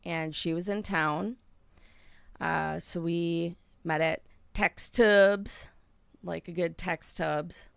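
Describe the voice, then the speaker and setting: Slow, gravelly-voiced woman. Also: on the low side, steady tone, dry recording. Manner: rambling, self-mocking, laughs a lot. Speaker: podcast co-host. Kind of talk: casual storytelling chat.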